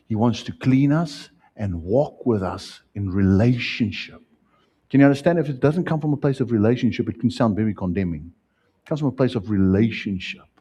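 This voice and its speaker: A South African pastor delivers his sermon in a husky, mellow voice. He climbs loud and high on key points, then falls back to quiet, low asides. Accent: South African English. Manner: preaching with wide swings, rising loud then dropping soft.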